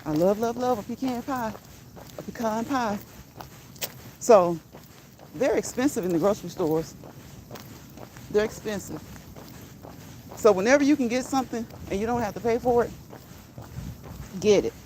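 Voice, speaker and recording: A woman's voice: a little high, animated, moderate pace, pauses often, darkish tone, slight background noise. A woman who grew up in the northern United States, chatting casually while walking outdoors, laughing often and playfully repeating words. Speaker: vlogger. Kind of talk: casual walk-and-talk vlog. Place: outdoors on a rural walk.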